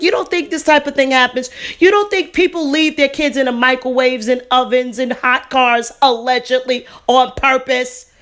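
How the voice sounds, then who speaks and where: A woman in her thirties or forties, a vlogger telling a personal story in a heated, casual monologue. She is indignant and animated, with fillers and slang. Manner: indignant, animated, swings up in pitch for emphasis.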